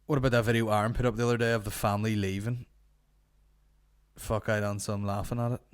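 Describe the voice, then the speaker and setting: Sweary low-voiced Northern Irish man. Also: little pitch movement, fast talker, clean tone. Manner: sweary, rambling banter. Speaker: podcast host. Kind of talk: casual chat.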